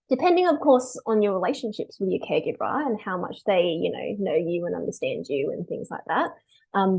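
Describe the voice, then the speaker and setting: A woman dog behaviourist talking through a webinar, lively and chatty, acting out owners in quick quotes. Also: mid-range voice, vocal fry, husky, low-quality recording. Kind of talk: webinar talk.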